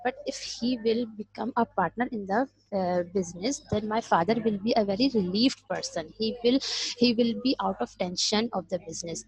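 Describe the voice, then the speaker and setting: A woman teaches a novel, reading a passage aloud and then explaining it in her own words. Her voice is strongly breathy and husky. The recording is dry, with no room sound. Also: medium pitch, a little mellow, no room sound, low-quality recording. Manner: reads a passage, then explains it, switching into Hindi.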